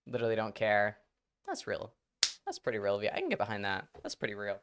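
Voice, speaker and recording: A livestreamer chats casually with viewers, joking, swearing freely and sliding between accents. The voice is medium-pitched but swoops wildly, fast-paced, a bit bright and clean in tone.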